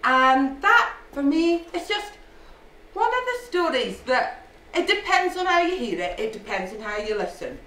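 A woman's voice: high-pitched, sing-song, measured pace, sharp tone, distant mic. A Scottish woman storyteller telling a folk tale live, playful, with asides, in an echoey storytelling hall.

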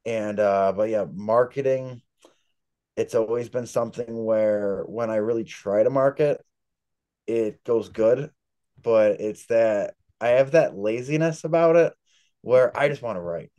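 A man with a lowish, dark-toned voice speaks unhurriedly as an author guest in a casual interview. He's a chatty storyteller, wandering through long, rambling tales.

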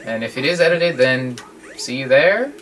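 A man casually commentating while he plays a video game, chatty and joking with sudden excited yelps. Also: mid-range voice, normal speed. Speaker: guest player commentating. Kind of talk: casual let's-play commentary. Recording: from a distance with game music behind.

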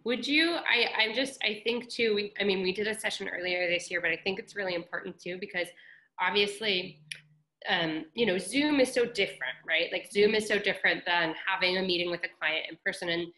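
A woman's voice: mid-range voice, a little fast, pushed and bright, low-quality recording. A woman hosting an interview over a video call, chatty and full of "like" fillers as she thinks aloud. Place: friend's apartment.

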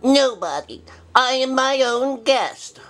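A man's voice: lively intonation, slow, fairly bright tone, full character voice. A man voicing a forgetful, cranky old male bear rabbi who hosts a puppet comedy show, bumbling and stubborn. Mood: indignant. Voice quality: high-pitched, bumbling and cranky. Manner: forgetful, stubborn, easily flustered. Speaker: show host.

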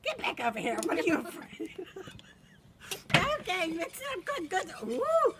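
Grandma doing a warbly high celebrity chef. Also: female voice, wildly swooping pitch, moderate pace, exaggerated voice. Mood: playful. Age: older. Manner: fluttery, exclaiming, bossy with helper. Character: impression of a famous warbly older woman TV chef. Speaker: grandmother hosting a mock cooking show. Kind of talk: playful mock cooking demo. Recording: home video with loud background noise.

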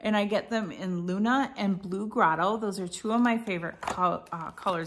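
A woman's voice: fairly low pitch, moderate pace, few pauses, a little hiss or hum. Middle aged lady rambling thru an unboxing at home, lots of ums and restarts. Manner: chatty, meandering, many fillers and self-corrections. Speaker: vlogger reviewing a subscription box. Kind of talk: casual unboxing chat.

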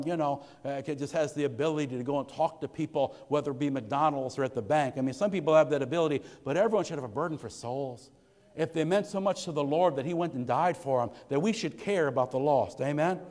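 A man's voice: medium pitch, a little mellow, in a large hall. A man preaching a sermon as pastor, calling out "amen" to the congregation and swelling into impassioned peaks. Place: church sanctuary.

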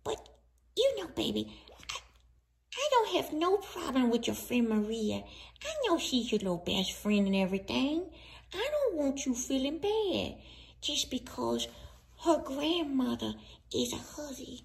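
A woman's voice: high-pitched, big pitch swings, unhurried, gravelly, exaggerated voice. A woman playing a melodramatic, grudge-holding old grandmother who wails theatrically and lectures in a folksy, preachy manner. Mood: coaxing. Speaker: grandmother Sweet Mama. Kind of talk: comedy sketch acting.

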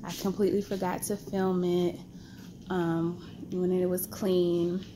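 A woman vlogging her family vacation in a chatty, relaxed way, talking to the camera and a bit out of breath. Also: on the low side, measured pace, slight background noise, low-quality recording. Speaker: travel vlogger. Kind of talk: casual vlog narration.

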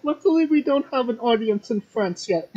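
A host asking casual interview questions with a dry, relaxed humor. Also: medium pitch, moderate pace, highs cut off. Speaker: podcast host.

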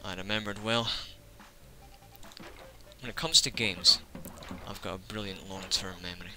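A man's voice: deep voice, steady tone, moderate pace, background noise. A man giving casual let's-play commentary, full of sarcastic, joking asides to the game.

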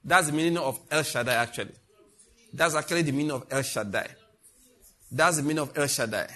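A man preaching a prayer sermon, slowing down to recite scripture and rising to loud, high exhortation. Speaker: pastor. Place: church service, streamed.

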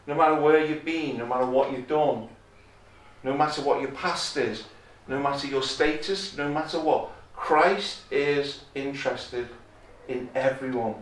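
Slow emphatic sermon from a guy preaching, sounds far off in an echoey chapel. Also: medium pitch, steady tone. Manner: emphatic, repeats key phrases, quotes scripture in a raised voice. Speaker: visiting preacher.

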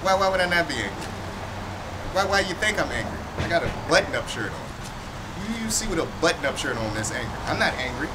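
An excitable, indignant man on a city street, ranting back at an interviewer. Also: on the high side, quick pace, heavy background noise.

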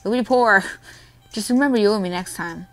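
A woman's voice: medium pitch, brisk, a bit bright, faint music behind, natural voice. A woman voicing a friendly young waitress with an attempted Southern drawl, chatty and teasing.

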